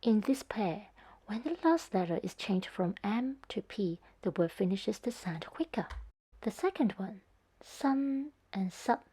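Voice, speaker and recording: A woman delivers a scripted lesson at an unhurried pace. Her voice is mellow and a little breathy. She speaks carefully, sounding out each tone. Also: medium pitch, big pitch swings. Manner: slow, careful, demonstrating tones. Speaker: Cantonese teacher.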